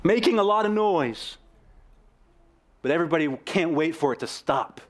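A young man preaching a sermon in an earnest, animated way, with sudden swings in pitch and pace. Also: normal speed. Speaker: pastor.

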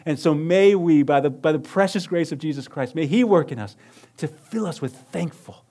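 A man preaching a sermon in church, asking rhetorical questions, calling for amens and swinging from hushed tones to raised, emphatic lines. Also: a little high, moderate pace. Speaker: pastor. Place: church sanctuary.

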